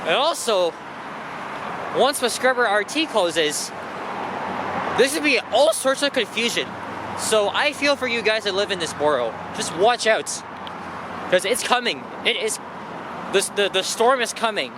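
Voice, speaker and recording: A man with a notably high-pitched voice chats loosely as he walks outdoors, trailing into fillers and restarting his sentences. He talks into a handheld camera mic on a busy street. Steady traffic and passing buses rumble loudly behind him. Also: measured pace, pauses often. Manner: rambling, animated, frequent fillers and restarts. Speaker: walking vlogger. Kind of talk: casual walking commentary. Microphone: handheld camera mic while walking.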